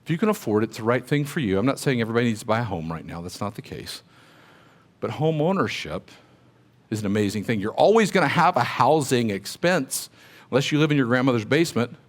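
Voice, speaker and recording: A man's voice: mid-range voice, big pitch swings, fast. Middle-aged guy giving a pep talk to agents, mid-range voice, chatty storytelling, asks the crowd stuff. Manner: conversational, anecdotal, asks the audience questions. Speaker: speaker at a real estate agents' event. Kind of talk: motivational talk with personal stories.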